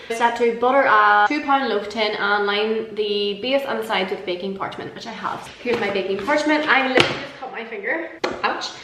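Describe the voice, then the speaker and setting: Cooking in her home kitchen, a young Irish woman vlogs in a chatty, self-deprecating style, cursing without restraint. Her tone is a little high and fairly bright. Echo and background noise fill the recording.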